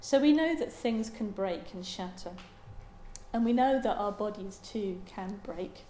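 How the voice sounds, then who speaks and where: A woman giving a Buddhist dharma talk in a halting, thoughtful way, with many pauses and ums. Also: medium pitch, expressive, mellow, slight background noise. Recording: roomy echo.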